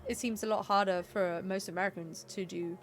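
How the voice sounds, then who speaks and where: A woman's voice: mid-range voice, fairly even intonation, a little fast, soft background music. Chatty Southern English woman streamer. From England. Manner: chatty and rambling, laughs often. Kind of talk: casual gameplay commentary.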